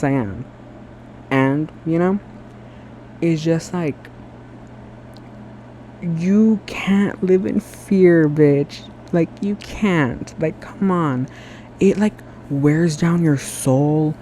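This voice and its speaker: A man's voice: on the high side, warm tone, a little hiss or hum. A man vlogging to his phone camera in a home bathroom, chatty and sassy, earnest and emotional as he rambles. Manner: chatty and sassy, lots of "girl" and "like"; emotional and earnest, self-described sensitive. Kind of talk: casual rambling monologue to camera.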